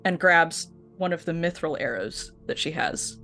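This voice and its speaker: A woman playing a tabletop game, describing her character's actions with hesitant, quick asides. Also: low-pitched, animated, pushed and bright, faint music behind. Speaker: player. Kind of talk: casual play at a tabletop game.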